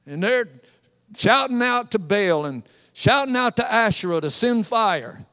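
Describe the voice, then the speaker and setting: A high-voiced male preacher delivers his sermon as a lively, joking story, acting out each scene. His voice rings through a large church with a long, trailing reverb. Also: a little slow.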